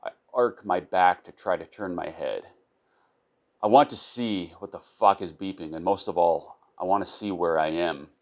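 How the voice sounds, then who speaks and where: Deep-voiced man reading a first-person story. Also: normal speed. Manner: unpolished reading with small restarts and repeated words. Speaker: narrator of his own short story.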